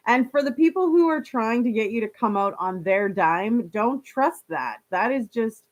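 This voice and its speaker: A woman's voice: a little high, expressive, normal speed, muffled recording. A woman chatting casually on a live stream, reading viewer comments aloud and laughing often.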